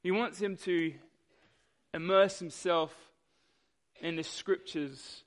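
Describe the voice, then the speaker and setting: A young man preaching a sermon, telling a personal story in a lively way and acting out the voices in it. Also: sits high, slow. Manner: animated storytelling, acts out voices. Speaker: pastor.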